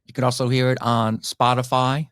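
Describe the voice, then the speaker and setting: A man's voice: medium pitch, little pitch movement, moderate pace, fairly bright tone, clean tone, no echo. Effusive English male host, dry sound. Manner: effusive, gushing with praise. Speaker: podcast host. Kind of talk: casual interview chat.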